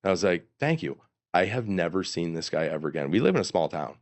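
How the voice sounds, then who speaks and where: Middle-aged male guest, deep voice, animated and rambling storyteller. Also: quick pace. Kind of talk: storytelling in an interview.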